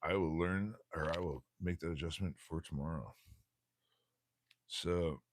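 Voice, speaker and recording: A man with a very low voice rambles through a casual live stream, stumbling over fillers and restarting his sentences. The sound is close and dry, with no room echo. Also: measured pace. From USA. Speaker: livestream host.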